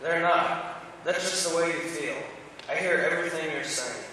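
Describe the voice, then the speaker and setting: A man playing a calm, fatherly God who answers in short, patient lines in a church youth skit. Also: a little high, moderate pace. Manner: calm, brief replies. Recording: echoey church hall, distant mic, noisy.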